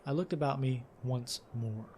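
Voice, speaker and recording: A man's voice: mid-range voice, normal speed, darkish tone, slight background noise. Man, let's play host; casual read-aloud of game text with commentary, some fillers. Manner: casual, with fillers and self-corrections.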